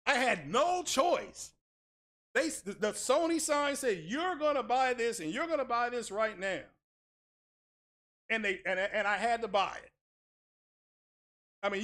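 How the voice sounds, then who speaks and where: A man's voice: very high-pitched, a bit bright. A man hosting a tech channel, ranting casually with sarcastic, mock-outraged exaggeration and crude, blunt language. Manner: crude, blunt street talk. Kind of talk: casual streamed rant.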